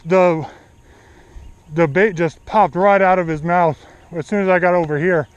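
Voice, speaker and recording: A man filming a casual fishing vlog outdoors by a pond, chatting excitedly to the camera on an action-camera mic. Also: high voice, clear, resonant tone, no echo, highs cut off. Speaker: fishing vlogger. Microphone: action camera or DSLR mic.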